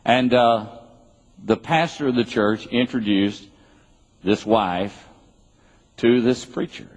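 A man's voice: mid-range voice, takes it slowly. A man preaching a sermon, reading scripture and repeating key words for emphasis. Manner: emphatic and repetitive, drilling key words home. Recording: live sermon in a reverberant hall.

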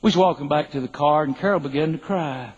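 A man's voice: a little high, quick pace, slightly rough. An older man preaching a sermon, telling a joking personal story in an emphatic, folksy way. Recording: dull lo-fi recording.

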